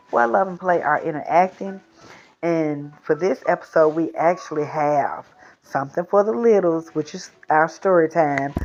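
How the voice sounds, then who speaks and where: A woman with a low-pitched, darkish voice hosts a children's storytime show, chatting casually and rambling before she reads aloud. She's chatty and repeats herself, and the dull lo-fi recording carries slight background noise.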